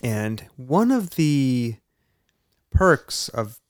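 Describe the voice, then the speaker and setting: A man's voice: medium pitch, extremely slow, dry recording. A middle-aged man co-hosting a podcast, telling a story casually and acting out the dialogue. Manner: animated, plays out dialogue. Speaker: podcast co-host.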